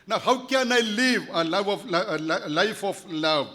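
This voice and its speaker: A man's voice: high voice, animated, normal speed, pushed and bright. A man, preaching a church sermon earnestly and repeating key phrases for emphasis. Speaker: pastor.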